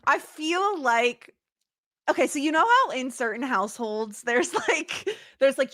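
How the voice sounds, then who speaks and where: Lively, chatty American woman podcaster. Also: high voice, measured pace, dry recording, clean studio sound. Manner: chatty, laughing, lively asides. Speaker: podcast co-host. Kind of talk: casual chat.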